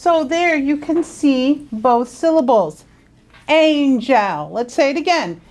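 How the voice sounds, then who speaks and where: A woman teaching young students phonics in a school classroom, drawing words out slowly and asking coaxing questions. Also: high voice, expressive, darkish tone. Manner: slow, drawn-out, coaxing questions.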